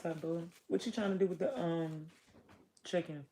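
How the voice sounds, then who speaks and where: A woman talks straight to her camera in a loose, casual vlog, venting about her busy life. Her voice carries a gravelly, fry-heavy texture. She speaks bluntly and swears freely, rambling from one thought to the next. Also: on the low side, fairly even intonation, normal speed, noisy background. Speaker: vlogger and small business owner.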